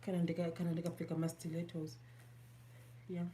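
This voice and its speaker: A beauty vlogger from Zimbabwe, with a Zimbabwean accent and a fairly low, expressive voice, chats casually at a moderate pace through a makeup tutorial. She's self-deprecating and mixes English and Shona. A little hiss or hum is audible.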